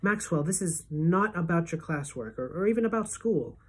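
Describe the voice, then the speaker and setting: A woman voicing a calm, formal middle-aged female principal, measured and reassuring, with a husky tone. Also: lowish voice. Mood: grave.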